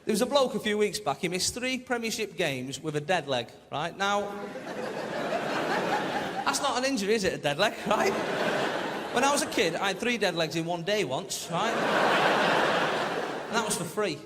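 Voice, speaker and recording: A man's voice: high voice, lively intonation, normal speed, pauses often, heavy background noise. A man doing a stand-up set, chatting with the crowd and ending lines with tag questions. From Manchester. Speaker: stand-up comedian. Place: large theatre on stage. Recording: live theatre hall, loud audience laughter. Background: audience laughter and applause.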